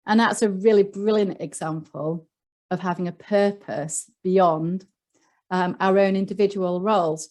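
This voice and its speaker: A woman's voice: medium pitch, fairly even intonation, unhurried, darkish tone. A woman with a Yorkshire accent, speaking as a guest on a leadership panel, explaining ideas earnestly with frequent ums and small restarts. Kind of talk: online panel talk.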